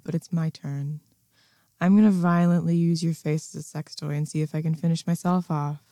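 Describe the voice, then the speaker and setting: A woman's voice: sits low, dark tone, no room sound, clean studio sound. A woman performing an adult audio role-play in a mocking, commanding manner, breaking into scornful laughs.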